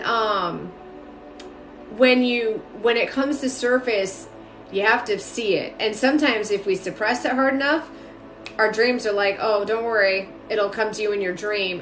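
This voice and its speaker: Her voice mid-range and fairly bright, a woman gives chatty live-stream spiritual readings, calling viewers by name and using plenty of fillers. She is a spiritual reader and mentor, speaking from an echoey home room.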